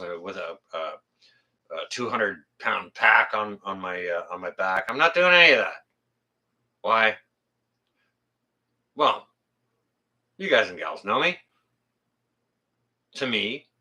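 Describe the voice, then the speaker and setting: Here the channel host speaks in a lowish, bright, forceful voice while chatting with livestream viewers about their comments. He's blunt and swears a lot, wandering off track and correcting himself as he talks.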